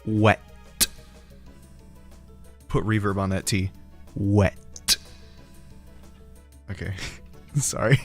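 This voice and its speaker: A man's voice: low-pitched, normal speed, gravelly. Giggly, joking male streamer. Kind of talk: casual chat. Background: faint background music.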